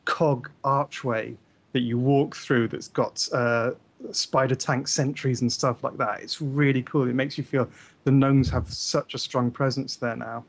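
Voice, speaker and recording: A man talking casually about games with a mid-pitched voice. He explains things with real enthusiasm but halts often, filling the gaps with ums and uhs. His tone is that of an easygoing co-host. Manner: enthusiastic, hesitant explainer with many fillers. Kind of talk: casual gaming chat.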